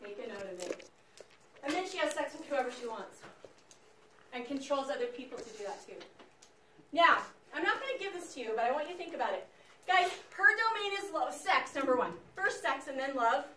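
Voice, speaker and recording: A woman teacher lecturing her class in an animated, chatty way, speaking straight to the students. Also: sits high, a little fast, a little hiss or hum. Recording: echoey classroom, mic far off.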